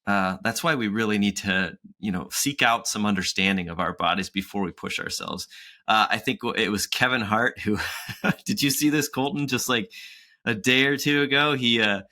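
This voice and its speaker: A man's voice: on the low side, moderate pace, bright, forceful tone. A man in his forties, co-hosting a podcast in a chatty, casual way, laughing often and acting out quotes. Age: 40s. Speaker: podcast co-host.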